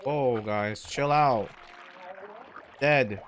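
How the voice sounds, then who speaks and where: A man's voice: mid-range voice, extremely slow, a bit bright, slight background noise. A man streaming a video game, commenting casually and swearing often as he reacts. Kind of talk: live gameplay commentary.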